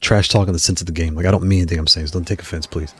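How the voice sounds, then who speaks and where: A man's voice: low-pitched, fairly even intonation, fairly bright tone. A man casually commenting on his fighting game matches, trash-talking opponents and then apologizing. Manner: playful trash talk, quick apologies. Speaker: gaming streamer.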